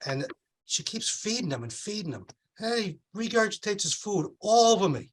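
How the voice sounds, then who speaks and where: A middle-aged man delivering a stand-up comedy set, telling deadpan one-liners and acting out the voices of the people in his stories. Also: high voice, moderate pace, a little hiss or hum. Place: comedy club stage with audience laughter.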